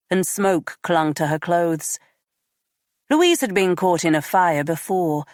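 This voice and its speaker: A woman narrating a crime audiobook in a measured, even read. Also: sits low, dry recording, clean studio sound.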